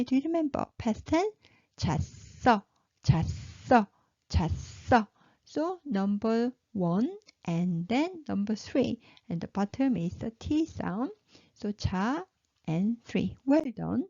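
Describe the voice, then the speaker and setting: This woman, whose voice is a little high and mellow, teaches Korean pronunciation slowly and methodically, saying every syllable three times and offering praise to her learners. The slightly dull, lo-fi recording has no room sound.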